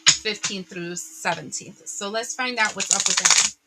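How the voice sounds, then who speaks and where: A woman giving a casual tarot reading to her viewers, chatty and animated, often laughing and exclaiming. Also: medium pitch, measured pace, very noisy. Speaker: tarot reader.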